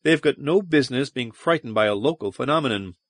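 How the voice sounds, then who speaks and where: A man's voice: mid-range voice, lively intonation, fairly quick, no echo, clean studio sound, close to an everyday voice. Jansky, a man reading as a stern woman commander. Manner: clipped, impatient, contemptuous. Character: stern female starship commander. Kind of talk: audiobook character reading.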